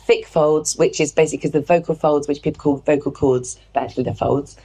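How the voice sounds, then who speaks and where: A woman's voice: low voice, quick pace, husky. A woman vocal coach, chatting on a podcast and demonstrating sounds. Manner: animated, demonstrates vocal sounds mid-sentence. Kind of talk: casual podcast conversation with sung demonstrations.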